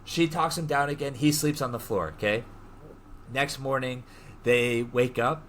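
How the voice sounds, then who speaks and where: Male podcast host, mid-pitched, animated storyteller, casual and profane, faint hiss behind. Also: measured pace. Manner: animated storyteller who swears freely and acts out quotes. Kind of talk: casual chat retelling a movie plot.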